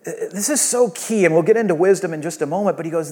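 A man preaching a sermon, telling a personal story with animated swings from hushed to loud and excited. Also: a little high, fast, hardly any pauses, breathy edge. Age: adult father of young children. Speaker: pastor.

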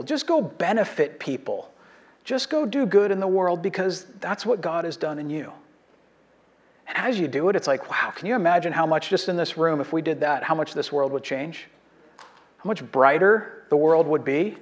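A pastor delivering a sermon to his congregation. His voice sits a little high for a man, and he preaches earnestly, driving points home with short repeated calls. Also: expressive, moderate pace. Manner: earnest, exhorting, with repeated short phrases and soft laughs.

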